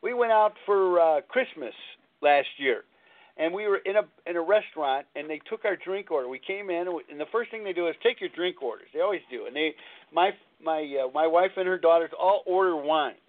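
A man's voice: fairly high pitch, animated, fairly quick. Earnest man host on a tinny line. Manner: rambling, earnest, repeats himself. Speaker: recovery talk show host. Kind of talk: call-in talk show storytelling. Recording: tinny phone-line sound.

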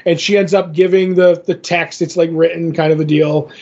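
A man's voice: fairly high pitch, fairly even intonation, brisk, few pauses, a little mellow, muffled recording. A man co-hosting a podcast, casually retelling a comic issue in a rambling way full of fillers and restarts. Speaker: podcast co-host. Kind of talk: casual comic book recap.

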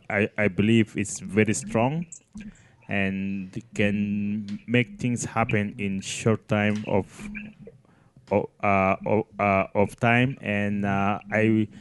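A man from southern Egypt with an Egyptian accent, a studio guest on a talk show who speaks haltingly, searching for words and restarting often. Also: on the low side, flat delivery, a little hiss or hum. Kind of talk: casual chat. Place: live studio in front of an audience.

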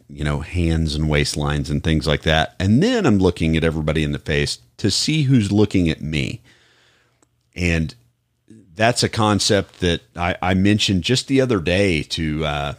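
Deep-voiced American cop telling stories. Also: male voice, no room sound, clean studio sound. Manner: rambling, many restarts. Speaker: podcast host, police officer. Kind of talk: casual chat, storytelling.

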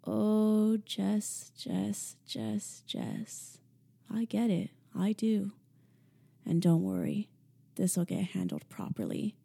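A woman voicing a teasing, controlling young man who speaks softly and calmly in an audiobook. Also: medium pitch, vocal fry, slightly rough, exaggerated voice. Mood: calm commanding. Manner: soft, slow, menacing calm.

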